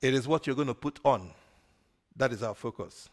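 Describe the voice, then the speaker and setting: A man preaching a sermon, putting questions to the congregation for them to answer and swinging between loud emphasis and quiet asides. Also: medium pitch, normal speed. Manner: call-and-response questions to the congregation.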